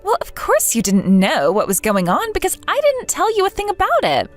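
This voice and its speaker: A woman's voice: extremely high pitch, wildly swooping pitch, normal speed, soft background music, exaggerated voice. A synthetic woman's voice speaking as a cruel young woman in a text-message story, mocking and dismissive. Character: young woman, scornful, cruel fake friend.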